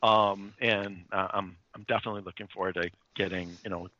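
A man in casual conversation, rambling through a story with lots of ums and restarts. His voice is fairly low and bright, and the dry recording sounds a little dull and lo-fi. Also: steady tone, fairly quick, no echo. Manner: rambling, many fillers and restarts. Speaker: comics podcast co-host. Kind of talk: casual chat, retelling a comic's plot.

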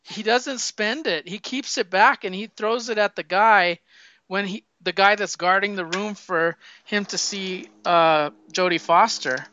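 A man chatting casually about a film, telling the story in an animated way and acting out the lines. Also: sits high, unhurried, clean tone, dry recording. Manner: animated storyteller, acts out quotes. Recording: dull lo-fi sound.

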